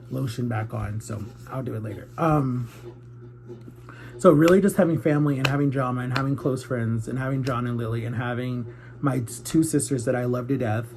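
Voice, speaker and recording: Man, 30s, mellow tone, candid confessional vlogger, heartfelt and earnest. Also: mid-range voice. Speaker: YouTuber. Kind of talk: confessional vlog.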